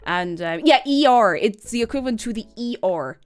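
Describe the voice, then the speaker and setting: A woman's voice: fairly high pitch, lively intonation, moderate pace. An Irish woman streamer chatting casually and telling a story, laughing often and rambling through asides.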